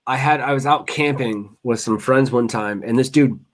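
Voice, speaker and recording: Man telling stories in relaxed chat. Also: medium pitch, normal speed. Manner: rambling storyteller, swearing, restarts. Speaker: host, chef. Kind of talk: casual chat.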